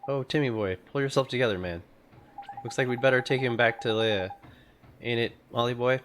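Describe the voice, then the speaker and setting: A man's voice: medium pitch, fairly quick, noisy background, natural voice. A man doing a cheeky fairy sidekick. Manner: cheeky, bossy, slangy banter. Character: small lantern-nosed fairy sidekick, cheeky and chatty. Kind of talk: video game voice acting. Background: game music.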